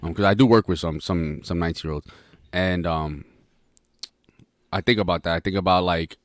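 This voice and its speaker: Deep-voiced young man, rambling slang. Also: normal speed, dry recording, clean studio sound. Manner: rambling, full of restarts and slang. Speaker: podcast co-host. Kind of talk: casual chat.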